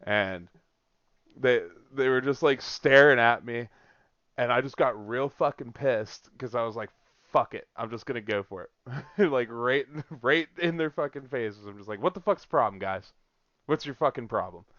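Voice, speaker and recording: A man hosting a casual podcast, telling a story in an animated way with a lot of swearing and laughter. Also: mid-range voice, a little slow, dry recording. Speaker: podcast host. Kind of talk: casual chat. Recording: dull lo-fi dry recording.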